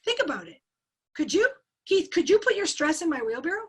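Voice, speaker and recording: A high-voiced woman speaks briskly on a video call, coaching participants in an online forum's interactive webinar. Full of energy, she asks the audience questions and returns to key words again and again.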